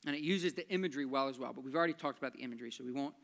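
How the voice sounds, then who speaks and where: A man's voice: mid-range voice, rapid-fire, vocal fry, fairly bright tone. Chatty man teaching about a hymn. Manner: explanatory, chatty, taps out rhythms aloud. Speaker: pastor. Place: church.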